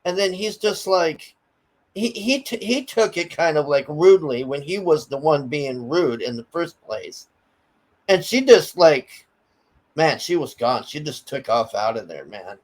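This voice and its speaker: A man with a somewhat high-pitched voice rants in a loose, conversational way. He swears often and stammers through restarts, and he tells the story with blunt, heated energy. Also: lively intonation, measured pace, poor audio. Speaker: commentary streamer. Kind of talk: casual ranting story.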